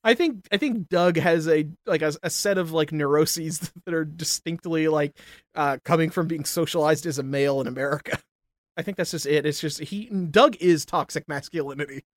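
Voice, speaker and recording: A man's voice: on the high side, moderate pace, dry recording, studio quality. A young man co-hosting a podcast, chatting casually and ranting with lots of swearing and laughter. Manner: animated ranting, heavy swearing, laughs often. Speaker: podcast co-host. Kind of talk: casual profane chat.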